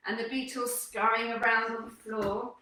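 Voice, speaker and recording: Bright, upbeat woman leading a kids' workout. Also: fairly high pitch, normal speed. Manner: upbeat, encouraging, animated. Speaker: kids' fitness instructor. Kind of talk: storytelling workout for children. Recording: echoey room, distant mic.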